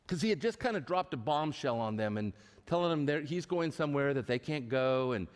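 A man's voice: fairly high pitch, fairly quick. A man preaching a sermon to a live congregation in a church, retelling stories with animation and often restarting his words. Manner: animated storytelling with frequent restarts. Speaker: pastor. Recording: long reverb of a large hall.

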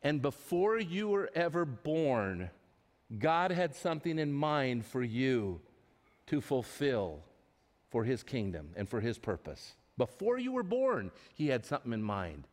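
Lively man preaching in an echoing church. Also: medium pitch, unhurried. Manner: animated storytelling with frequent restarts. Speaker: pastor. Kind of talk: sermon. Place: church sanctuary with a live congregation. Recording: long reverb of a large hall.

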